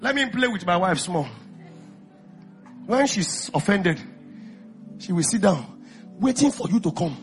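A Nigerian man preaching with a very high, gravelly voice that leaps all over its range. He calls out to the congregation and often shouts. Soft music plays behind him. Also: animated, a little slow, long pauses. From Ekiti, Nigeria. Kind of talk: lively sermon.

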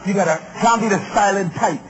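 Emphatic preacher, male, very high pitch, muffled recording with noise. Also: brisk. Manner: emphatic, call-and-response with the crowd. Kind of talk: sermon on relationships.

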